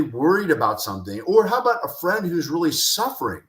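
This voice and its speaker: A man's voice: a little high, very animated, brisk, hardly any pauses. A man giving an interview about communication, talking with passion and repeating his key phrases for emphasis. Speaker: guest, communication expert and speaker. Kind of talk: animated interview talk with acted-out anecdotes. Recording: echoey room.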